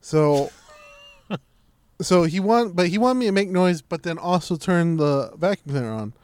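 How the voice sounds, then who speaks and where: A man's voice: high-pitched, a little slow, clean tone. A man telling a long story in casual chat, acting out what others said and swearing freely. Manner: animated, acts out quotes, swears freely.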